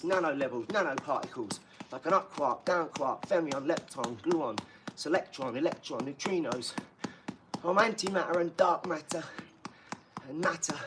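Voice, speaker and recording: A man's voice: a little high, background noise. A man who is a father, rambling and boastful in casual live-stream chat, mixing in street slang. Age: adult father.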